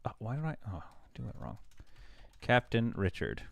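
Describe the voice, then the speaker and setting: A man livestreaming a game, chatting casually with his audience, animated and quick to laugh. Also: medium pitch, vocal fry, no room sound. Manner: chatty, talks to chat. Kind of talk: casual live game commentary.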